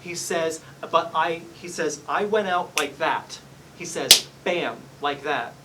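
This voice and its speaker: A man's voice: a little high, takes it slowly, recorded from a distance, very noisy. A man working as a psychic medium, giving a live reading in a salon and politely apologizing as he relays messages. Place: hair salon, indoors.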